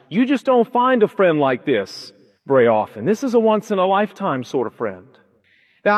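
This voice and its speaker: A male pastor preaching a sermon in a church hall, telling a story emphatically and asking rhetorical questions. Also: high voice. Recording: dull echoey hall recording.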